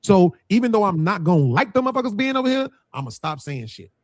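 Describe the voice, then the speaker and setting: A man's voice: high voice, big pitch swings, fast talker, dry recording. A man who runs a panel show, talking bluntly with heavy swearing and acting out what people said. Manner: blunt, profane, acts out quotes. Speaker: panel host. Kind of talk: casual panel talk.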